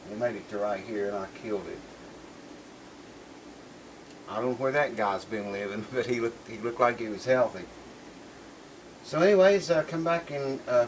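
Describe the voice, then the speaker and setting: A man's voice: lowish voice, noisy background. A man making a guitar repair video, chatting casually in a rambling, folksy way with plenty of "uh" fillers. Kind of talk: casual vlog chat.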